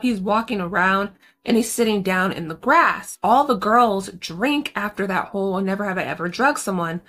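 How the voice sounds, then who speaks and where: A woman's voice: medium pitch, a bit bright. A woman with a mid-range voice gives a casual spoken movie recap as host. She is chatty and slangy and addresses her viewers directly.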